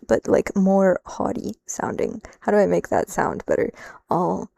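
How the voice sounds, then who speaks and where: A woman's voice: medium pitch, sing-song, unhurried, gravelly, warm tone, dry recording. A woman on a casual live stream, thinking aloud as she translates, switching between Japanese and English and laughing often.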